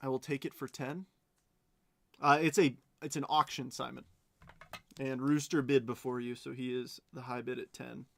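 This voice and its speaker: A man's voice: mid-range voice, little pitch movement, normal speed, gravelly. A man hosting a live card break stream, chatting as he calls out cards and bids. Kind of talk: live stream auction chat.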